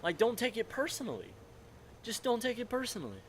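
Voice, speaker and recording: With an extremely high voice that swings hugely in pitch, a nineteen-year-old man talks fairly quickly through a rambling, profane story while gaming. He laughs a lot into his desk microphone, and there's slight background noise.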